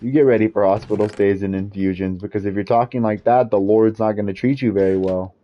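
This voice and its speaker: A man's voice: on the low side, fairly even intonation, fast. Frustrated man ranting on a lo-fi stream. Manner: frustrated ranting, repetitive, swears mildly. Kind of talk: casual gaming stream rant.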